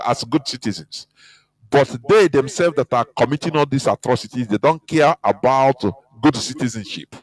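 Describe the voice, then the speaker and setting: A man's voice: on the high side, dry recording, poor audio. A man giving an impassioned, scornful radio talk, emphatic and mocking. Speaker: radio broadcaster.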